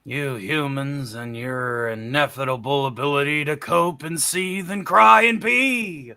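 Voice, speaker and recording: A man putting on the voice of a brash, cocky male alien invader, gravelly and sneering, as a character impression on a podcast. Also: on the high side, takes it slowly, bright, forceful tone, dry recording, pitched below the performer's own voice, full character voice. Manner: insulting, boastful, theatrical.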